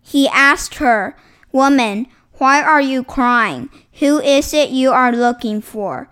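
A woman reading Bible passages aloud in a slow, formal, measured way, setting each phrase apart. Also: sits high, expressive, fairly bright tone, smooth. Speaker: scripture reader.

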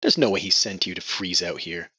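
A man's voice: sits low, brisk, bright, forceful tone, husky, dry recording, dull audio, exaggerated voice. A man voicing a bitter, sullen young woman who speaks with snappish sarcasm. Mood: sarcastic.

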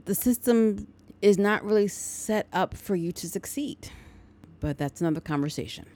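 A woman's voice: mid-range voice, animated, normal speed, a little mellow. A woman podcast host casually recapping a film plot, chatty and full of her own asides. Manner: chatty, editorializing.

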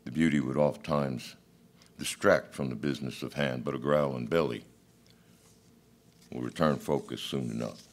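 A man reading a story aloud as a plainspoken male cowboy hunter, folksy and unhurried. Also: a bass voice, fairly even intonation.

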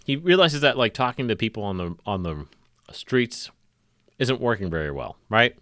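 A man's voice: medium pitch, expressive, normal speed, pushed and bright, no echo. A man co-hosting a comedy podcast in casual chat, rambling and poking fun at himself. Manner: rambling and self-mocking. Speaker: podcast co-host.

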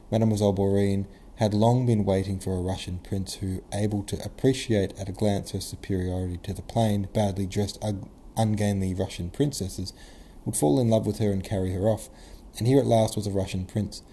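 A man narrating a classic novel as an audiobook, measured and even-toned. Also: fairly low pitch, a little hiss or hum.

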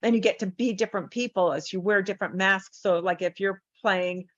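A woman's voice: mid-range voice, a little fast, no echo. A woman from San Diego chats in an interview as a therapist and speaker. She tells her stories with energy and slips into the voices of the people in them. The sound is a little muffled and dry. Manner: animated storyteller acting out quoted voices. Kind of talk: casual interview chat.

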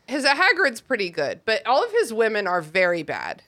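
Woman, podcast co-host, bright sharp voice, chatty, giggly. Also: fairly high pitch, huge pitch swings, moderate pace. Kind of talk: casual book discussion chat.

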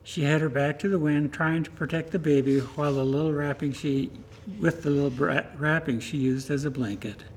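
A man reading a story aloud during a church service in a steady, plain storytelling manner. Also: fairly high pitch, brisk, slight background noise.

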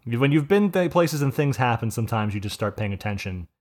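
Guy on a podcast, rambling story, swears a lot, average pitch voice. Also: expressive, brisk, a little mellow. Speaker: podcast host. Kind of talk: casual chat.

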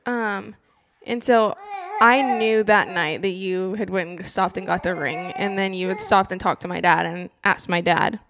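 A young woman co-hosting a casual chat, animated and laughing often as she tells a story. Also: medium pitch, moderate pace, a crowd in the background. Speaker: podcast co-host.

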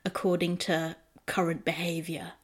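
A woman's voice: lowish voice, level tone, moderate pace. A woman in a casual book discussion, talking in a thoughtful, emphatic way.

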